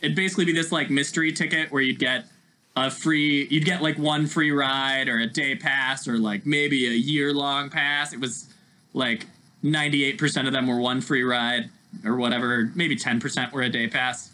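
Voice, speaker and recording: Chatty man with a bright tense voice. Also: mid-range voice, fairly even intonation, moderate pace, rough recording. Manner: chatty, rambling, lots of fillers. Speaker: podcast guest. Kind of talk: casual chat.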